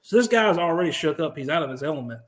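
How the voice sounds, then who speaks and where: American male guest, slightly high voice, animated, swears freely, acts out what others said. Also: quick pace. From United States. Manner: profane, animated, acts out quotes. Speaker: podcast guest, veteran. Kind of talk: interview storytelling.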